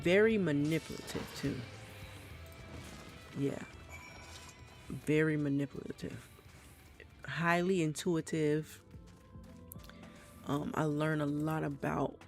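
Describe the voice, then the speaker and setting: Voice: medium pitch, vocal fry, a little mellow. A streamer chatting casually during a live gameplay session, with a slight Trinidadian accent, rambling frankly and swearing freely with many restarts. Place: home, South Florida.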